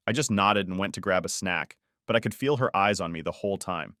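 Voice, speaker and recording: A man narrates a scripted first-person drama story in a casual, conversational tone. His voice sits low. The recording is dry and close, with no room sound. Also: brisk, pushed and bright, no room sound.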